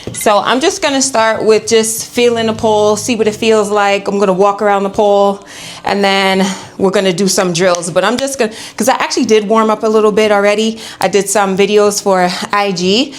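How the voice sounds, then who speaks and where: A woman's voice: mid-range voice, fairly even intonation, brisk. Chatty woman vlogging her workout. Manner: chatty, talks while training and catching breath. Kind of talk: casual chat to camera. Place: home pole studio room.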